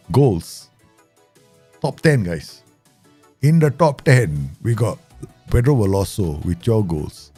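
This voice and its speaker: A man, excitedly commenting on his own football management game for viewers. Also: lowish voice, breathy edge. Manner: excitable, laughs often, talks to viewers. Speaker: gaming YouTuber.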